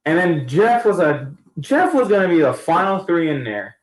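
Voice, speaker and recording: A man's voice: a little high, big pitch swings, moderate pace. A man giving a casual, rambling recap of a wrestling event, talking in slang and often restarting his sentences. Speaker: wrestling fan vlogger. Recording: echoey room.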